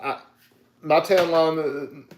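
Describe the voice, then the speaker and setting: Stammering man, higher voice. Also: fairly even intonation, extremely slow, reverberant, a little hiss or hum. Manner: stammering, repeats words, laughs often. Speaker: podcast co-host. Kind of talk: casual chat.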